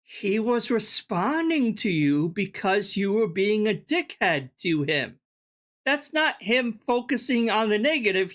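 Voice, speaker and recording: A streamer comments on clips in a sarcastic, mocking tone. The voice is mid-pitched, and the commentary swears freely. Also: fairly bright tone.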